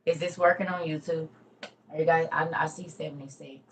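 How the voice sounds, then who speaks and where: Woman host with a low-set voice, chatting casually to her livestream viewers, swinging from loud to murmured. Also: steady tone, fairly quick, slight background noise.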